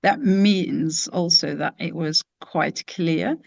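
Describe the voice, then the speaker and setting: A woman moderating an online seminar over a video call, speaking in a halting way with frequent pauses. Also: lowish voice, creaky, a little mellow, no echo.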